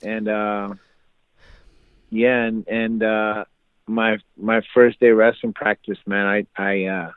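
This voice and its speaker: A man's voice: fairly low pitch, level tone, takes it slowly, smooth, no room sound. A man in his forties, a podcast guest, telling a story in a casual interview and acting out the voices of the people in it. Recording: dry phone-like line.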